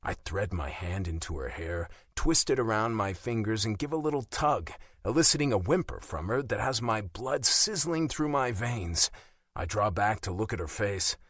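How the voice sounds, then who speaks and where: A man narrating a romance audiobook in first person, intimate and steady. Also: fairly low pitch, normal speed, dry recording, studio quality.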